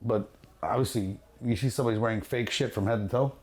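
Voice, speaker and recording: A man, a luxury jewelry dealer, telling a story in a casual podcast chat, animated and profane, acting out the quotes and laughing as he goes. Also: mid-range voice, fast talker. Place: his jewelry store.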